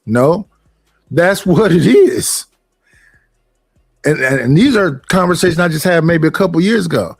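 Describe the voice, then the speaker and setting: Blunt, animated man in a casual discussion. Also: fairly high pitch, moderate pace, vocal fry, no echo, studio quality.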